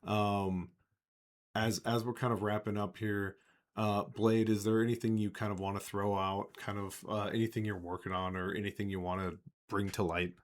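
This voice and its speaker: A man's voice: on the low side, little pitch movement, normal speed. A man hosting a podcast, telling a long story casually and laughing often. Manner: laughing often, rambling with fillers. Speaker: podcast host.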